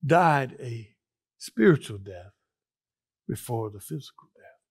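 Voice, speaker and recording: A male pastor preaching a sermon with earnest emotion, dropping to near-whispers and rising to loud exclamations as he reads and explains scripture. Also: mid-range voice, animated, slow pace, breathy edge.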